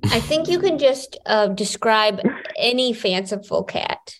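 Woman, host, fairly high pitch, dry playful banter. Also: animated, unhurried, fairly bright tone, poor audio. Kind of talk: casual comedy podcast hosting.

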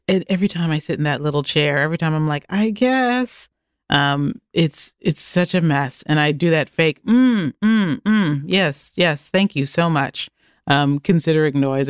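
A woman chatting as a podcast guest, animated and jokey, with quick asides. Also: deep voice, clear, resonant tone, dry recording, clean studio sound. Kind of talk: casual conversation.

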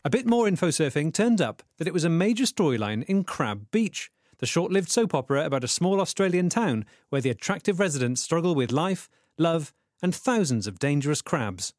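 A man narrating a comedy podcast investigation in an earnest, self-important, deadpan way. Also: fairly high pitch, brisk, few pauses, no echo, clean studio sound.

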